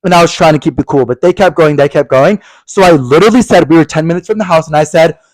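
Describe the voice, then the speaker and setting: A young man co-hosting a podcast, telling a story in casual chat, animated and swearing a lot as he acts out angry quotes. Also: a little high, fast, no room sound, poor audio. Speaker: podcast co-host.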